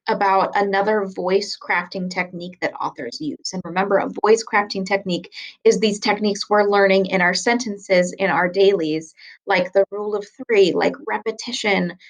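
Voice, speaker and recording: A woman's voice: mid-range voice, steady tone, poor audio. Woman teacher explaining a writing lesson. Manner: clear, patient explaining, slows down for emphasis. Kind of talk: recorded classroom lesson.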